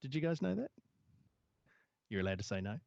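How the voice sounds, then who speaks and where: A man's voice: medium pitch, big pitch swings, a little fast, vocal fry, a little mellow, no echo, lo-fi sound. A man co-hosting a casual tech news podcast, rambling with many fillers and restarts. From Southern Hemisphere. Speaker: podcast co-host.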